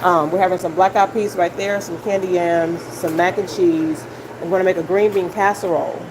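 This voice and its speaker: A woman's voice: fairly low pitch, steady tone, normal speed. Chatty woman cooking, noisy kitchen. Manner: chatty, instructive, talks while cooking. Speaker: cooking show host. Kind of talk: live cooking demonstration. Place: home kitchen. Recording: kitchen vent hum behind.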